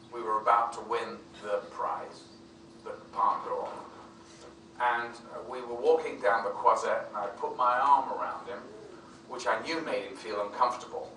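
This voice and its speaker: Animated storytelling man in an echoey hall. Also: medium pitch. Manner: animated, acts out other people's voices in quotes. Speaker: film actor interviewed as guest. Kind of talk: anecdotal storytelling. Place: convention venue. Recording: echoey room, distant mic, faint noise.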